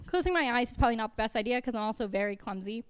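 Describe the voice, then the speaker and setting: A young woman comedian performing a self-deprecating stand-up set with a deadpan delivery on a college TV studio stage. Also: fairly high pitch, racing, clear, resonant tone, dry recording.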